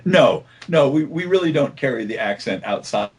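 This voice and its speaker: A middle-aged man, a voice actor, chatting casually in an interview, animated and laughing often. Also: medium pitch, moderate pace, slightly rough. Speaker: voice actor guest.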